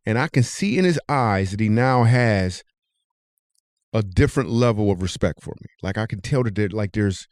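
A man hosting a podcast, telling a comic story with animated delivery. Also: normal speed, no room sound, studio quality. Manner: animated, jumps high when telling the punchline. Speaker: comedian and podcast host.

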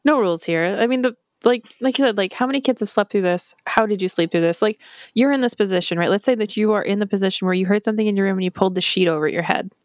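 A woman's voice: medium pitch, quick pace, no echo, studio quality. Chatty woman podcast co-host. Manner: chatty, reflective, laughs often. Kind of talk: casual podcast chat.

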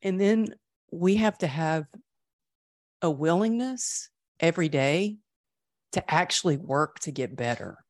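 A woman's voice: low-pitched, lively intonation, unhurried, long pauses, no room sound, studio quality. A middle-aged woman telling her recovery story in an interview, earnest and emotional, with frequent restarts. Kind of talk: candid interview conversation.

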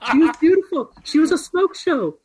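A bragging, aging showman politician rambling about the good old days, as a man puts him on. The voice is pushed far above the performer's own register and sounds loud and overblown. Each line is a boastful aside. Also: very high voice, expressive, moderate pace, pitched above the performer's own voice.

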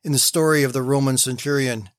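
A man hosting a short morning devotional, telling stories and reading scripture aloud with gentle emphasis. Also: mid-range voice, steady tone, fast talker, no echo, clean studio sound. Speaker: devotional radio host.

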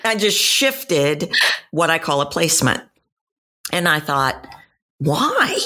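Low-voiced Texan woman, storytelling. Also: takes it slowly. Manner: animated storyteller, acts out quoted voices. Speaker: voice and dialect coach. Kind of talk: podcast interview answers.

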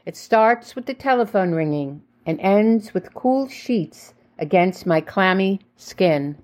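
A woman reading her own memoir in the first person, with measured, reflective storytelling. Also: mid-range voice, a little mellow. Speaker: memoir narrator.

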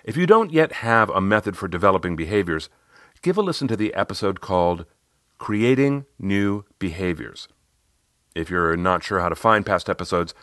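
A man with a low voice hosts a coaching podcast, narrating in a measured storytelling way. His pitch moves in lively swings. The sound is dry and close to the microphone. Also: no room sound. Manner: measured storytelling, reads dialogue aloud. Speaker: executive presence coach and podcast host.

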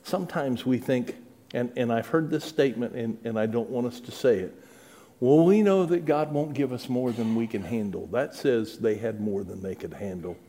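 A middle-aged man preaching a sermon, earnest and pleading, building to loud dramatic peaks when he tells the story. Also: mid-range voice, normal speed.

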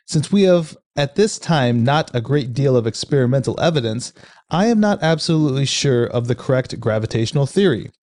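A courteous elderly scientist with a German accent, read aloud by a man speaks in measured, polite sentences. He sounds calm and open to other ideas. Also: mid-range voice, dry recording, clean studio sound, lightly acted.

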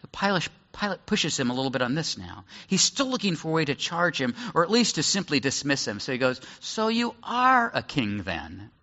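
Male pastor, casual teaching sermon; animated, bright voice, reverberant sanctuary. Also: a little high, fast, hardly any pauses. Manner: conversational, explains and acts out scenes. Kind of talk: sermon, verse-by-verse Bible teaching. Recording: echoey hall, slightly dull sound.

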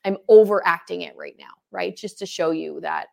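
A woman's voice: fairly low pitch, normal speed, creaky. A woman co-hosting a marriage podcast, talking casually and acting out example phrases. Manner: animated, acts out example phrases. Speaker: podcast co-host, marriage coach.

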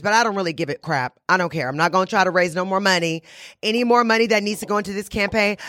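Sassy bright-voiced woman host. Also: a little high, no room sound, clean studio sound. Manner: sassy, emphatic, repeats phrases for punch; blunt, boastful self-talk. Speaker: podcast and radio host. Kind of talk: casual monologue.

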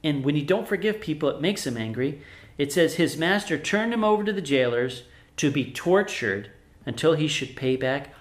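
A man's voice: on the high side, expressive, moderate pace, roomy sound. A man preaching a sermon, retelling a parable with earnest emphasis and rhetorical questions.

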